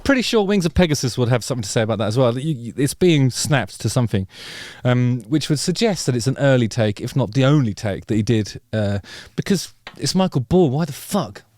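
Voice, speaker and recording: A man chatting through a song in a loose, wry way, full of ums and casual swearing. His voice sits at an ordinary pitch. The mic is close and dry. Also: animated, brisk, few pauses, a little mellow, no room sound. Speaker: channel host. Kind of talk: casual reaction commentary.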